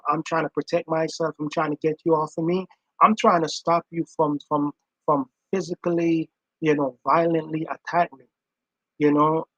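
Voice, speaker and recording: A man gives casual reaction commentary, earnest and emphatic, circling back to repeat his point. His voice sits a touch high for a man. The sound is close and dry, with no room around it. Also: fairly bright tone, husky, no echo, highs cut off.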